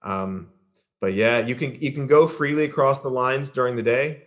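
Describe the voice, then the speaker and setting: A man's voice: mid-range voice, normal speed. A man with an American accent, a guest on a podcast, talking casually and hesitantly, with lots of fillers and restarts. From American South. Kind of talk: casual chat. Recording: dull lo-fi sound.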